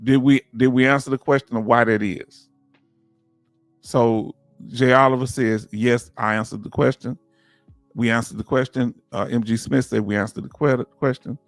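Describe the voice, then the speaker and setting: A man with a Southern US accent hosting a casual livestream, talking in an animated, preachy way and firing off rhetorical questions to his viewers. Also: mid-range voice, moderate pace, no room sound, soft background music. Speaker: livestream host.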